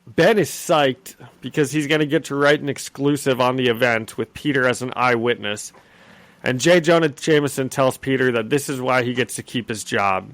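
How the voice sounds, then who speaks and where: A man co-hosting a podcast recaps a comic in a lively, casual way, laughing often and slipping in voices for the characters. His voice sits in the middle range, and the recording is dry and close, with little room sound. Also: mid-range voice, moderate pace, no room sound. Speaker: podcast co-host.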